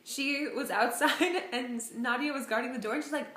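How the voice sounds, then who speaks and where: A young American woman chats about her day, recorded in an echoey room. Her voice sits a little high, and she tells her stories in an animated, chatty way. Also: moderate pace, few pauses. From United States. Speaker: volunteer. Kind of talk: casual chat.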